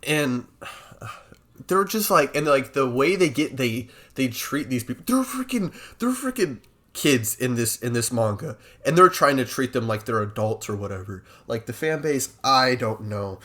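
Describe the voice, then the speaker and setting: A young man co-hosting a casual podcast, rambling in an animated way with lots of fillers. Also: mid-range voice, normal speed. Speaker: podcast co-host. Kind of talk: casual chat.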